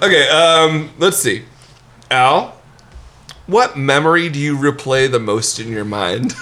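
A man hosts a casual podcast, his voice bright and edged, leaping up and down in pitch as he chatters and laughs. A faint hum of ambience sits behind him. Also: slow pace. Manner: giggly, animated, breaks into laughter often. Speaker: podcast host.

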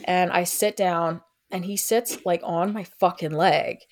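A young woman tells a story on a casual chat show, slipping into quick impressions of the people in it. Her voice sits low for a woman, and she curses freely as she goes. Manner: animated, acts out quotes of others. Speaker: guest storyteller. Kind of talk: casual storytelling with heavy swearing.

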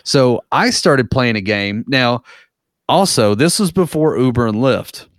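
Man, casual storytelling, rambling, profane, lots of fillers, mid-pitched, dry close sound. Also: lively intonation, unhurried, dry recording.

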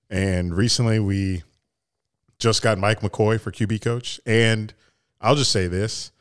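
A man's voice: fairly low pitch, clean tone. A young man co-hosting a casual podcast, laid-back, laughing often and swearing freely. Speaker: podcast co-host.

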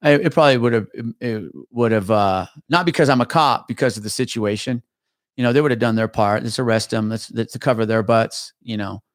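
A man's voice: medium pitch, fairly quick, no room sound. Retired cop, male, profane storyteller, full of restarts, dry close mic. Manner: profane, animated retelling with many restarts. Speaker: guest, retired police officer. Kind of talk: casual podcast storytelling.

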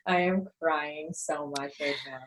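A woman's voice: low-pitched, fairly even intonation, measured pace. A young woman co-hosting a podcast, giggly and teasing in casual chat. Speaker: podcast co-host.

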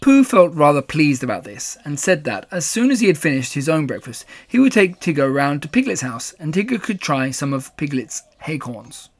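A man narrating a children's storybook with calm, even storytelling. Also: fairly high pitch, moderate pace, few pauses.

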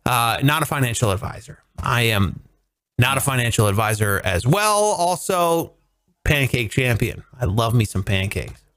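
An American man hosting a comedy podcast, chatting casually and animatedly, swearing freely and jumping into silly high voices when he quotes people. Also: expressive, moderate pace, a bit bright, dry recording. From United States. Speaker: podcast host.

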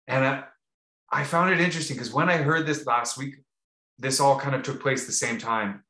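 A man's voice: mid-range voice, normal speed, sharp tone. A man co-hosting a podcast, telling a rambling, casual story with many restarts and fillers. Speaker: podcast co-host. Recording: roomy echo.

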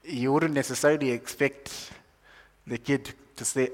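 A man from Zambia preaching a sermon, moving from calm teaching to loud, excited preaching. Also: medium pitch, a little fast, in a large hall.

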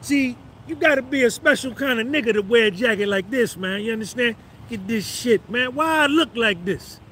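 A man's voice: very high-pitched, a little fast, bright, forceful tone, slight background noise. A man in his fifties giving a boastful motivational monologue on a live stream, swaggering and repeating his phrases for emphasis. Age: 50s.

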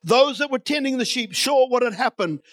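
A man's voice: very high voice, lively intonation, moderate pace, fairly bright tone, dry recording. A man preaching a sermon in a church, reading scripture and building to emphatic, repeated declarations.

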